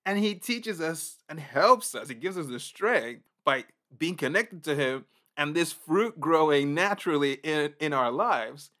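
A man preaching a casual, conversational sermon in an animated way, often acting out reactions. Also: fairly high pitch, a little slow.

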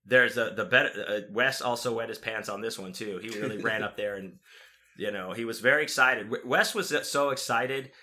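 A man's voice: fairly low pitch, moderate pace, sharp tone. A man telling stories in casual chat, rambling and profane, with lots of fillers and restarts.

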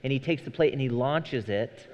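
A man's voice: mid-range voice, moderate pace, darkish tone. A man in his thirties, a pastor preaching a sermon in a conversational, storytelling way. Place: church sanctuary. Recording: dull sound with long hall reverb.

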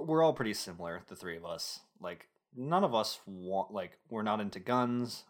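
A young man hosting a casual podcast, recapping a film with rambling filler-heavy asides and jokes. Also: lowish voice. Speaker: podcast host summarizing a film. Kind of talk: casual chat.

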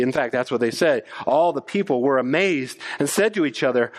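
A middle-aged man preaching a sermon as pastor, animated, often stammering on restarts. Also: medium pitch, fairly quick, few pauses. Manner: animated, stammers on restarts, acts out quoted voices.

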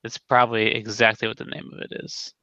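A man's voice: on the low side, completely flat delivery, brisk, sharp tone, no echo, highs cut off. A man hosting a casual podcast, joking and self-deprecating, talking into a headset. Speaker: podcast host.

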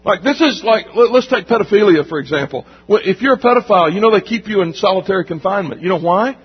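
Male pastor, emphatic, repetitive preaching style; slightly raspy, higher register; muffled recording in a reverberant church. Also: expressive, fast talker. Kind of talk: sermon. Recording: dull recording with long hall reverb.

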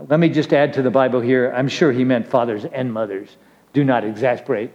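Teasing both himself and his flock, a middle-aged male pastor gives a chatty, joking sermon inside a church sanctuary. His darkish, medium-pitched voice stays steady and brisk. Long hall reverb fills the dull recording.

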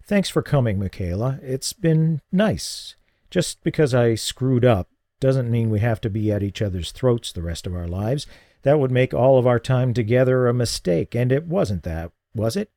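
Weary audiobook dad, soft-spoken and wry, a man playing him close to his own warm, dark voice. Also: mid-range voice, lively intonation, moderate pace, dry recording, lightly acted. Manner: tired, gentle and wry. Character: weary middle-aged father, radio host.

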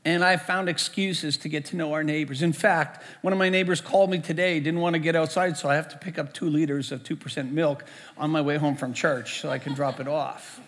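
A man's voice: a little high, steady tone, fairly quick, fairly bright tone. A man, a pastor preaching a storytelling sermon in a conversational way, often repeating words as he goes. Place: church sanctuary. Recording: echoey church hall.

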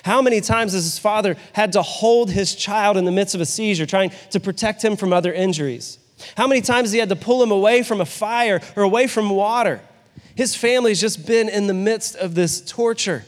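A man preaching in a relaxed, conversational way, often turning to rhetorical questions. His voice sits high for a man. It trails off into the long echo of a big hall. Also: fairly quick. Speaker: pastor. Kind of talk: sermon.

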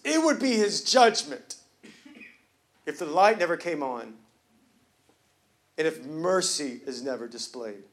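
A high-pitched male pastor delivering a sermon in a church. He talks in a loose, joking, conversational way, then rises into loud, emphatic preaching. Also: lively intonation, slow, pauses often. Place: church sanctuary.

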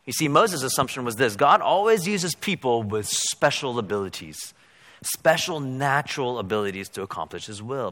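A man preaching a sermon as a pastor, rising to loud, high-pitched emphasis and then dropping to quiet. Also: very animated, normal speed. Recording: long hall reverb.

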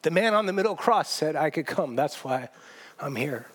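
A man's voice: a little high, sing-song, quick pace. A pastor voicing a plain, bewildered male thief who answers the angel simply and with puzzlement. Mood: simple.

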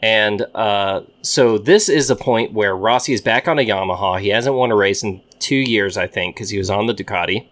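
A man co-hosting a podcast, telling a story in a casual, animated and amused way. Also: lowish voice, moderate pace, hardly any pauses. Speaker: podcast co-host. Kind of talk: casual chat.

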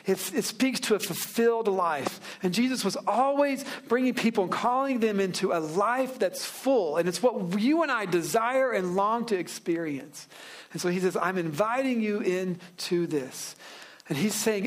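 A pastor preaching a sermon in a relaxed, joking way, slowing down to stress key phrases. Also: male voice, high voice. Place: church sanctuary.

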